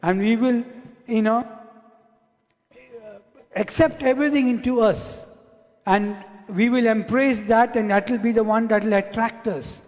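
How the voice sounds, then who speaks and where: A man's voice: extremely high pitch, fairly even intonation, measured pace, long pauses, darkish tone. A male pastor preaching a sermon who repeats key words again and again for emphasis. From Asia. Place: church hall. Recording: long church hall reverb.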